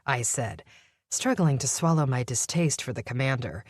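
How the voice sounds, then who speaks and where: Low-voiced woman narrating an audiobook. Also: expressive, normal speed, no room sound, studio quality. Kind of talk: first-person audiobook narration.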